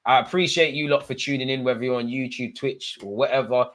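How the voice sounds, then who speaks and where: Excitable football watch-along host. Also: male voice, medium pitch, fast, a little hiss or hum. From Eritrean heritage. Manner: excitable, shouts at players and ref; chatty, joking asides. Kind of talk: live match commentary to viewers.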